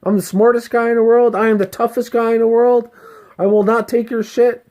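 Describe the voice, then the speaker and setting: A man voicing his own ego as an arrogant, belligerent braggart, pitched well above his normal voice. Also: level tone, fairly quick, dark tone. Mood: boastful. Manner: bragging, swaggering, defiant.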